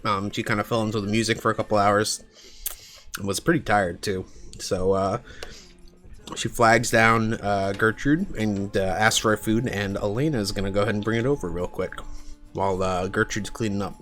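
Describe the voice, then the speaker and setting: Relaxed man running a tabletop game. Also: on the low side, moderate pace. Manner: relaxed, many fillers. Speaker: game master. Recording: voice over call with game music behind.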